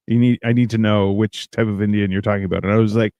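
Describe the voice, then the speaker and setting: A man's voice: fairly low pitch, flat delivery, fairly quick, mellow, clear, resonant tone, no echo. A Canadian man talks through a casual podcast in a rambling, joking way. He often slips into little acted-out bits of other people. The sound is dry and close, with no room around it. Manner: rambling, joking, acts out quoted voices. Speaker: podcast co-host.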